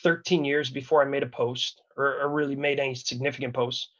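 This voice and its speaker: A Wisconsin man in his thirties tells a personal story as a podcast guest, candid and earnest, rambling with many restarts. His medium-pitched voice is level, brisk and a bit bright, and the audio has its highs cut off.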